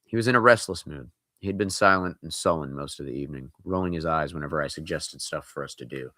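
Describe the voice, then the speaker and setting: A man's voice: rumbling low, quick pace, pushed and bright, no echo, studio quality. A man reading a scary story aloud, breaking in with casual, joking asides.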